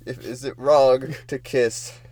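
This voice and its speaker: A man's voice: mid-range voice, fairly even intonation, slow, a little mellow, no room sound. A man co-hosting a casual podcast, trading crude jokes and laughing often. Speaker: podcast co-host. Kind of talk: casual joking chat.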